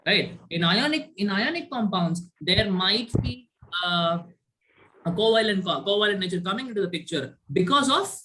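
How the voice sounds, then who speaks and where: There's a noisy background behind this male chemistry teacher, whose high-pitched voice is animated and moderately paced. In his online class on a video call mic, he quizzes students and frequently adds "right?" tag questions.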